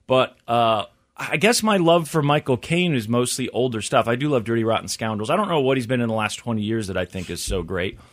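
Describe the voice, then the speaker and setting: A man's voice: mid-range voice, lively intonation, fairly quick. A man hosting a radio show in casual on-air chat. He muses aloud while reading items from a list. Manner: chatty, musing aloud, reads items from a list.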